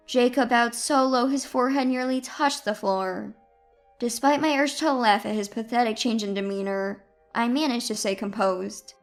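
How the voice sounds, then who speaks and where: Female narrator, composed first-person storytelling, higher voice, faint music bed. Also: moderate pace.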